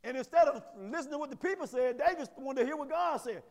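High-voiced preaching pastor in a hall. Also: male voice, lively intonation, quick pace. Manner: preaching with shouted peaks and folksy asides. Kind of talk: sermon. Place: church sanctuary. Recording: long reverb of a church hall.

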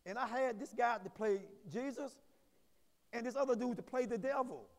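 A high-voiced man preaches a sermon, rising into shouted peaks and dropping into folksy asides. His voice rings through a church hall with a long reverb. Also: normal speed. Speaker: pastor. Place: church sanctuary.

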